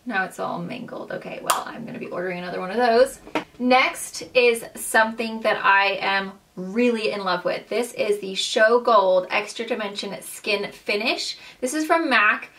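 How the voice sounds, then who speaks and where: A woman's voice: medium pitch, moderate pace, fairly bright tone, far from the mic, a little hiss or hum. Young female beauty vlogger, bubbly and gushing, mid-range voice, mic set a little back from her. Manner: gushing, bubbly, many "like" and "um" fillers. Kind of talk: casual monthly favorites chat.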